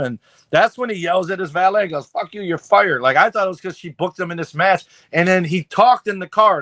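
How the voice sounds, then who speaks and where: Profane, animated man in casual chat. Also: on the high side, dry recording. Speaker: podcast co-host.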